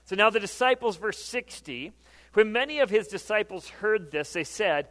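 A high-voiced pastor delivers a conversational sermon, often asking the congregation questions. He sounds animated and a bit bright at a moderate pace, with a long reverb suggesting a church sanctuary.

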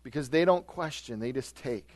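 A man's voice: medium pitch, moderate pace, no room sound. Conversational male pastor preaching. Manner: conversational, asks rhetorical questions with tag "right?". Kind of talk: sermon.

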